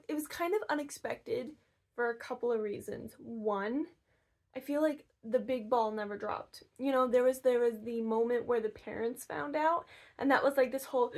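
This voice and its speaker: A young woman from Michigan chatting casually in a reading vlog, gushing and excitable. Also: fairly high pitch. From Michigan, USA. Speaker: book vlogger. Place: camper.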